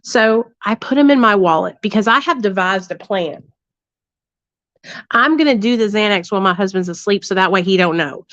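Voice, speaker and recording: A woman hosting a livestream tells her audience a story bluntly and profanely, packing in tag questions. Her medium-pitched voice is a bit bright at normal speed, with no echo in a dull, dry lo-fi recording.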